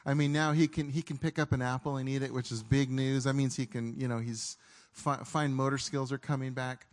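A man's voice: medium pitch, little pitch movement. A middle-aged man preaching a sermon, telling a story in an earnest way that halts and restarts often. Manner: earnest, halting, with frequent restarts.

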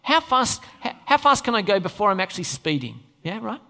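A man's voice: high voice, very animated, a little fast, creaky, pushed and bright. A pastor preaching a conversational sermon to his church, often turning questions to the listeners. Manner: conversational, asks the audience questions. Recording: long hall reverb.

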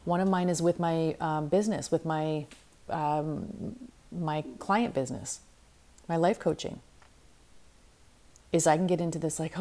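Middle-aged woman, low voice, life coach hosting a candid, reflective solo podcast. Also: steady tone, a little slow, long pauses, mellow. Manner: candid, reflective, acts out her own inner voices. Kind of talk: solo self-help podcast talk.

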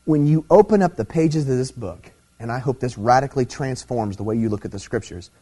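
A man's voice: mid-range voice, fairly quick, warm tone, slightly rough. A middle-aged man preaching a sermon, teaching emphatically and checking in with "okay?" as he goes. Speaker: pastor.

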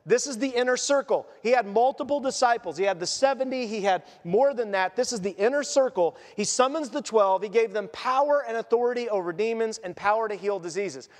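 A man preaching a sermon in a conversational, animated storytelling manner. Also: very high-pitched, a little fast, few pauses. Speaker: pastor. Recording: long church reverb.

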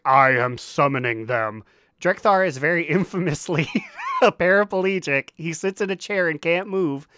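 Animated man retelling, crisp dry voice. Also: on the high side, dry recording. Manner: animated storytelling, acting out characters' lines. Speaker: podcast co-host. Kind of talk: casual gaming podcast chat.

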